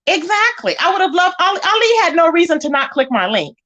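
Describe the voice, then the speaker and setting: With a very high voice and fast delivery, a female streamer reads her chat comments out loud. She keeps the commentary casual and animated, calling people out straight to chat.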